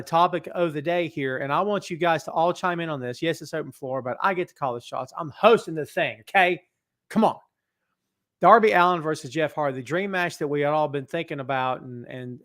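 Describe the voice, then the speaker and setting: A man whose voice is fairly high and fairly bright hosts a live-streamed wrestling talk show from his office using a podcast microphone. He jokes and reads viewers' comments aloud.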